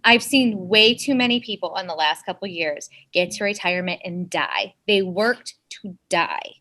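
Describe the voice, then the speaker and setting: A woman's voice: on the low side, moderate pace, pushed and bright, poor audio. A woman co-hosting a podcast, talking in a passionate, sassy, emphatic way. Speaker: podcast co-host. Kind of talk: casual chat.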